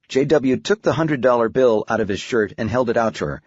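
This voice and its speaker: A man narrating a novel as an audiobook reader, in an even, measured storytelling manner. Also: medium pitch, breathy edge, dry recording. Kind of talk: scripted narration. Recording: dull, muffled audiobook recording.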